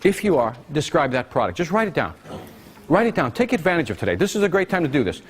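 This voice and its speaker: An energetic man runs a business seminar in front of a live audience. His voice sits a little high and swoops widely as he throws question after question at the room. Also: quick pace, slight background noise. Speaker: seminar presenter.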